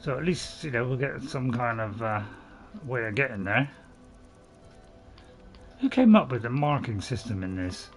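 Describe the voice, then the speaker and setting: A man's voice: mid-range voice, expressive, moderate pace, long pauses, soft background music. Rambling, apologetic man playing a game. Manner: rambling, apologetic, chuckling to himself. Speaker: gaming channel host. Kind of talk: let's play commentary.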